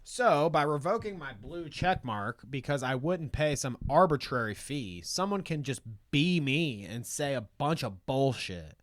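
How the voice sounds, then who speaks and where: A young man co-hosting a casual podcast, telling stories quickly and laughing often. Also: medium pitch, big pitch swings, no room sound, clean studio sound. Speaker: podcast co-host. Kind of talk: casual chat.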